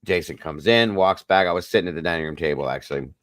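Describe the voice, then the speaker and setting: Low-voiced middle-aged man telling a story. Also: fast, dry recording. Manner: earnest personal storytelling, talks straight to viewers. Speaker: host. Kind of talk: casual livestream chat.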